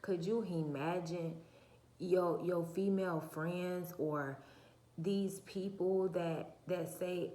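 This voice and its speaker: A soft-spoken woman talking to her viewers in a casual, preachy monologue full of rhetorical questions. Her voice is low and cracking. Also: steady tone, slow pace, echoey room. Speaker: channel host. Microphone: phone or camera mic, her own mic uncharged.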